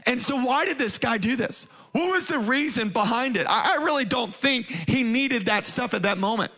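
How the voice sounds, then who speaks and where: High-pitched, bright pastor. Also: male voice, normal speed. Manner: energetic, calls out to the congregation. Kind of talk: sermon.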